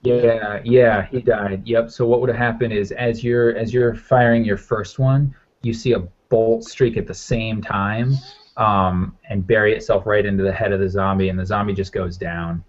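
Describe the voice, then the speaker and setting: A man's voice: on the low side, steady tone, normal speed. A man narrating as game master in a loose, rambling way with lots of fillers. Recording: muffled lo-fi audio.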